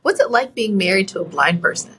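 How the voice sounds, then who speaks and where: Woman host with a bright, sharp voice; laid-back, slangy interviewer. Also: mid-range voice, brisk, slight background noise. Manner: relaxed, uses casual slang. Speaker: podcast host. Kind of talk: casual interview chat.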